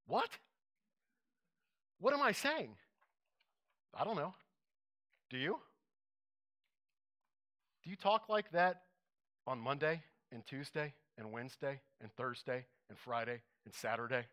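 A man's voice: sits high, expressive, normal speed, long pauses, sharp tone. A man preaching a conversational sermon to a congregation, often asking them questions.

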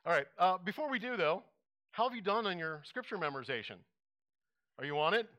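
A male pastor delivering a sermon, telling an animated story and acting out his own reactions. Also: sits high, fairly quick, lo-fi sound.

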